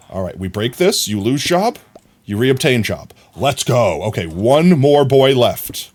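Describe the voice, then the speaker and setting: A man streaming a block-building game live, chatting to his viewers and scolding the characters on screen in a playful, teasing way. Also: mid-range voice. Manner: talks to game characters, mock scolding, jumps between mutters and outbursts. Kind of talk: casual gaming commentary.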